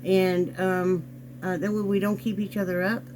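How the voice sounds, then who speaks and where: A chatty man with a fairly high voice rambles on, talking right to his viewers. He sits on a bed in a home bedroom and is picked up by a camera on a desk. A faint hum runs behind him. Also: level tone, normal speed. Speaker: vlog host. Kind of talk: casual chat.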